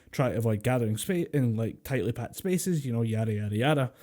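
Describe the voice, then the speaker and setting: A man's voice: mid-range voice, expressive, fast, few pauses, dark tone. A Scottish man co-hosting a podcast over a voice call, chatting casually, swearing and laughing often. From Scotland. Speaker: podcast co-host. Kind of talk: casual chat. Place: home room over a voice call. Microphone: home mic over a voice call.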